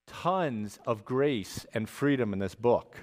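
A man preaching a sermon as a pastor, conversational and animated, often checking in with "right?" and dropping humorous asides. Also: mid-range voice, takes it slowly. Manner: animated emphasis with asides and jokes.

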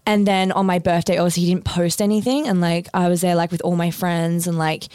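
A woman's voice: fairly low pitch, steady tone, brisk, a little mellow, clear, resonant tone, dry recording, studio quality. A woman, a podcast guest chatting casually and filling her talk with "like". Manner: chatty, heavy use of "like". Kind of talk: casual chat.

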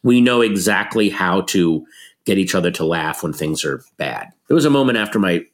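Middle-aged male comedian, low register, animated anecdotal delivery with quoted voices. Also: moderate pace. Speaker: comedian guest. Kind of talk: conversational storytelling.

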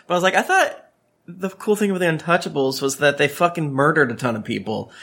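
A man's voice: fairly high pitch, fast talker, gravelly, a bit bright. A man co-hosting a podcast, chatting casually about a book, joking and swearing. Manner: profane, joking, laughing. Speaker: podcast co-host. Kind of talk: casual book-club chat.

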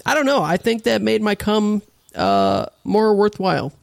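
A man's voice: high voice, expressive, a little slow, creaky. A man joking in casual chat, laughing often.

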